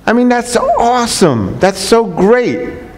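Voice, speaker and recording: A man's voice: very high voice, sing-song, takes it slowly. A man, a chiropractor, giving an unscripted and enthusiastic talk to colleagues, repeating his points with earnest conviction. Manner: earnest, repetitive, enthusiastic preaching tone with restarts. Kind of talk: unscripted talk to a live audience. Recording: long hall reverb.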